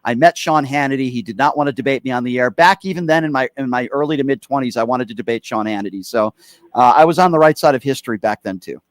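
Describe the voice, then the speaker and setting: A male radio talk show host in his forties takes calls and speaks his mind bluntly, with plenty of heat behind it. His voice sits at a middle pitch. It is recorded close and dry in a studio. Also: fast talker, no room sound. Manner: blunt, heated, opinionated. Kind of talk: political call-in talk.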